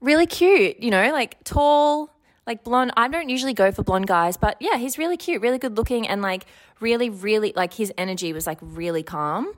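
A woman co-hosting a podcast, telling stories excitably and acting out quotes. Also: a little high, moderate pace. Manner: excitable storytelling, acts out quotes. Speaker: podcast co-host. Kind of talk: casual chat.

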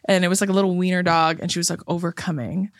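A woman's voice: lowish voice, steady tone, racing, dry recording, clean studio sound. A woman co-hosting a casual podcast, telling an anecdote animatedly, acting out the quotes and swearing. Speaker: podcast co-host. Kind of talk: casual storytelling chat.

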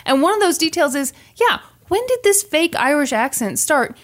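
Woman podcast host chatting and giggling, high lively voice. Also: normal speed. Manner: laughs often, animated storytelling. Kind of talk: casual chat.

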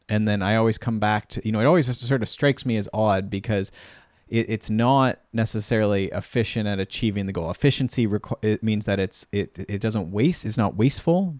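Man, low voice, casual podcast co-host, halting, dry close sound. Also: darkish tone, no room sound. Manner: halting, restarts often, thinks aloud. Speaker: podcast co-host, cycling coach.

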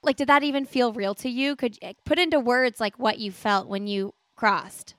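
A woman's voice: a little high, moderate pace, a bit bright, dry recording. A woman hosting a podcast interview, asking encouraging questions. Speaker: podcast host.

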